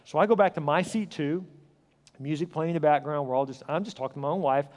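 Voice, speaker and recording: A middle-aged male pastor telling a story in a sermon, acting out the dialogue and swinging from loud to hushed. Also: a little high, fast talker. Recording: long hall reverb.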